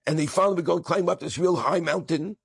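A man's voice: on the high side, quick pace, creaky, slightly rough, no room sound. A man, a rabbi, telling an inspirational story with Yiddish and Hebrew words mixed into his English.

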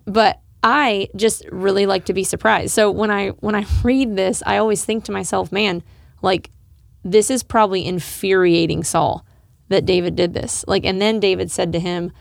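Woman, casual scripture chat, earnest, gravelly voice, dry studio sound. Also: mid-range voice, steady tone, moderate pace, dry recording. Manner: earnest, encouraging, laughs often. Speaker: podcast co-host discussing scripture. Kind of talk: casual Bible study chat.

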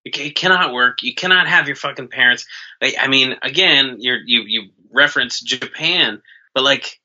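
A man co-hosting a comedy podcast, giving blunt, halting advice with many restarts. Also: mid-range voice, bright, forceful tone, dull audio. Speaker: podcast co-host.

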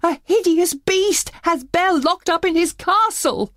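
Woman voicing a frightened old father, timid, slow, storybook. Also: very high-pitched, a bit bright, no echo, clean studio sound, pitched above the performer's own voice. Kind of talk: storybook reading.

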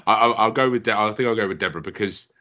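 A man's voice: lowish voice, very fast, bright, forceful tone. An easygoing man co-hosting a podcast, chatting casually about a wrestling show and laughing often. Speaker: podcast co-host. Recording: dull lo-fi mic.

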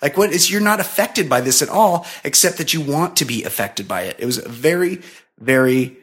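A man's voice: fairly high pitch, expressive, a little fast, a bit bright. A man co-hosting a podcast, telling a long story in casual, profane, rambling chat full of fillers. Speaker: podcast co-host.

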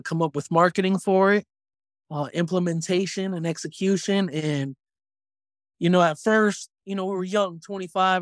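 A man in his thirties, a podcast guest, telling stories in a casual, animated way with frequent ums. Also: high-pitched, no room sound, clean studio sound. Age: 30s. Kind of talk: casual storytelling chat.

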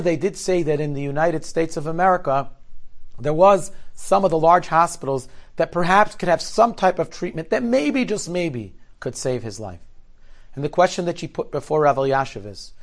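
A man telling a story in a sermon, earnest and dramatic, often dropping to a hushed voice before building to forceful emphasis. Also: fairly high pitch.

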